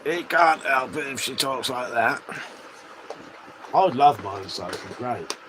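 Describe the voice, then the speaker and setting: Over some background noise, a man hosting a livestream reads viewer comments aloud at a measured pace, his medium-pitched voice lively. He curses a lot, laughs frequently, and jokes around with the chat.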